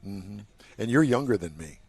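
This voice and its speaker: A man's voice: lowish voice, expressive, moderate pace, creaky, breathy edge. An older man hosting a live talk show from a car show, chatty and joking with his co-hosts. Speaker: host. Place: outdoor waterfront car show.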